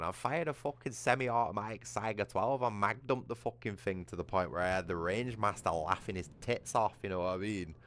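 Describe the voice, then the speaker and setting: A man's voice: low voice, moderate pace, a bit bright. A British man chatting casually on a livestream, ranting with heavy swearing. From United Kingdom. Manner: profane, ranting.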